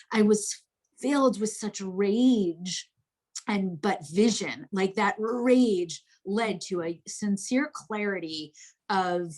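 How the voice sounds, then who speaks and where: A middle-aged woman from New Jersey, a guest telling her life story in a candid, expressive way, with casual swearing, from her home. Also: mid-range voice, slow.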